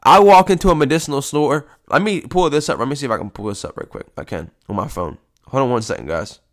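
A man's voice: medium pitch, animated, fast talker. A man hosting a casual solo podcast from home, talking in a rambling, profane, laid-back way, a bit congested from post-nasal drip. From United States. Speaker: podcast host.

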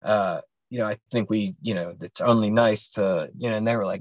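A young man with a fairly low voice tells a long personal story in a loose, casual way. He rambles, swears freely and fills gaps with "like" and "you know". The recording is dry, with no room sound. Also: a little fast, dry recording. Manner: rambling, profane, many fillers and restarts. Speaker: podcast guest telling a personal story.

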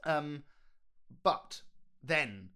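A man co-hosting a casual film discussion, animated and jokey, acting out lines from the movie. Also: on the high side, drawn-out words. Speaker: podcast co-host.

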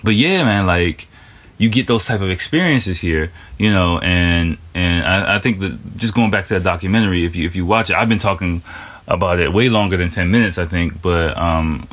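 A man with a deep, low voice talks through a relaxed podcast monologue. He rambles loosely and swears freely, leaning on fillers like "you know" and "like" as he works through his thoughts. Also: moderate pace. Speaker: podcast host.

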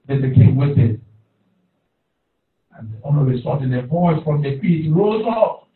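Man preaching in a church, kinda high voice, boomy hall, tinny phone-like sound. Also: lively intonation, measured pace, pauses often. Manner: preaching with call-and-response, repeating phrases. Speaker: pastor. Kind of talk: sermon. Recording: echoey hall, distant, phone-like.

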